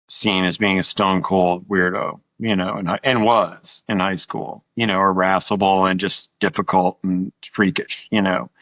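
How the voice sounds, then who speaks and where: A man's voice: low-pitched, fairly bright tone, no room sound. A middle-aged man from Montana, a musician guest telling anecdotes in an interview, acting out quoted dialogue and swearing casually. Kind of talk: storytelling interview.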